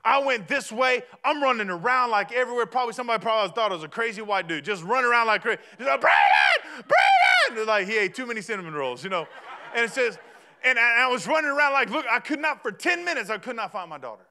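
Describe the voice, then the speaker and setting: A man, preaching a sermon in a chatty, storytelling way that rises to shouts. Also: very high-pitched, lively intonation, quick pace. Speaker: pastor.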